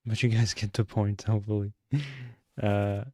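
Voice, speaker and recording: A man's voice: lowish voice, level tone, moderate pace, darkish tone, no room sound. A young man streaming a mystery game live, chatting and joking with his viewers as he plays. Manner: chatty, joking, answers chat.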